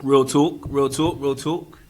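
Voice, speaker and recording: A man's voice: mid-range voice, steady tone, slow pace, darkish tone. A man hosting a casual podcast chat, reading viewer comments aloud in slangy street talk. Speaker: podcast host.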